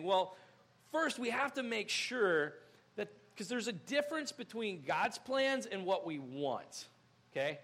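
A young man preaching in a church, with a high voice that has a gravelly edge. He is animated, acting out little scenes and jumping to loud outbursts. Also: a little fast. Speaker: pastor. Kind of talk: sermon.

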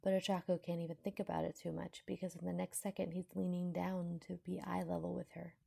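Low, gravelly woman reading a story. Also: flat delivery, a little fast, warm tone. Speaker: fanfiction reader. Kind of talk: audiobook narration of a fanfiction.

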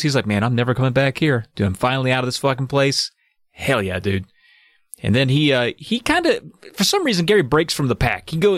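A man's voice: mid-range voice, no room sound, studio quality. A man co-hosting a podcast, recapping a book's plot in loose, profane casual chat with little sound effects. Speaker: podcast co-host.

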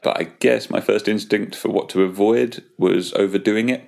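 A man's voice: fairly low pitch, steady tone, normal speed, vocal fry, a little mellow. A man giving a wry, self-deprecating interview answer about sound design.

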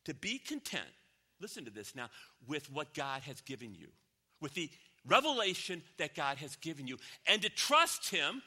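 Male pastor, high and piercingly bright, dynamic sermon delivery. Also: normal speed, slightly rough. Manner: animated, swinging from loud exclamations to near whispers.

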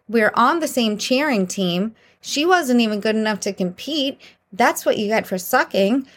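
A woman's voice: mid-range voice, a bit bright. A young woman hosts her own podcast and tells embarrassing dating stories in a casual monologue. She talks candidly and with a lot of animation, and laughs often as she goes. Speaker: podcast host.

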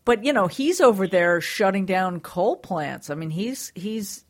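A woman's voice: medium pitch, expressive, unhurried. A woman co-hosting a talk show, chatting in a sarcastic, laughing way. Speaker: show co-host. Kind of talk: casual chat.

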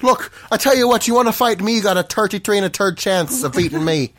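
Brawling Irish pub bruiser, foul-mouthed and boastful, lively swings of pitch, as a man puts him on. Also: fast. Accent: put-on Irish. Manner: swearing, threatening, boastful.

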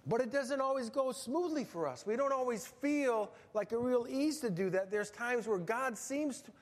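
A man's voice: extremely high pitch, animated, normal speed. A middle-aged male pastor preaching a sermon in a church, folksy and humorous, telling stories with animation. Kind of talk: sermon with storytelling. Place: church sanctuary. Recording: church hall reverb.

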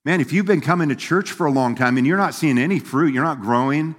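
A man's voice: fairly high pitch, fast talker. A man preaching a sermon as pastor, in a folksy, conversational way, laughing and acting out quoted voices. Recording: long hall reverb.

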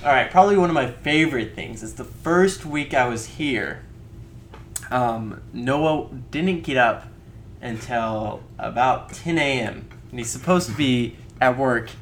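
A man's voice: medium pitch, measured pace, a little hiss or hum. A young man in casual chat, telling rambling stories with frequent laughs.

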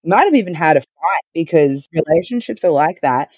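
A woman's voice: sits low, expressive, a little fast, a little mellow, slightly rough, no room sound. Candid woman, dull lo-fi sound. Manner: candid, matter-of-fact, wry. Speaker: podcast guest. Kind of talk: casual conversational storytelling.

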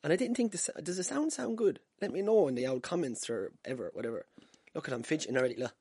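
Husky-voiced Irish podcaster telling stories. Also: male voice, a little high, animated, quick pace, a little mellow, no echo, clean studio sound. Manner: swearing, self-deprecating, laughing at himself. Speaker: podcast host. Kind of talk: casual solo podcast storytelling. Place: room at home. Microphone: wired podcast mic.

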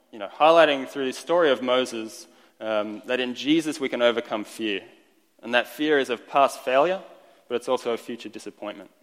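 A man preaches to his congregation in a chatty, easygoing manner, slipping in small jokes and restarting phrases as he goes. His voice sits at an ordinary middle pitch. The sound rings with the long reverb of a large church hall. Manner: conversational, lightly joking, with restarts. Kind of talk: sermon.

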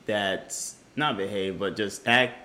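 Low-voiced man co-hosting a debate chat. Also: slow. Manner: relaxed, hedging with fillers, pushes back. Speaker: podcast co-host.

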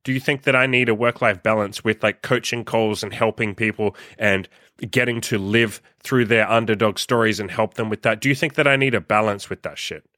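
A man's voice: on the low side, brisk, bright, forceful tone, no room sound, studio quality. A young man hosting his own podcast, ranting bluntly and profanely as he scolds listeners. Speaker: podcast host and coach. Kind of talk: ranting solo podcast monologue.

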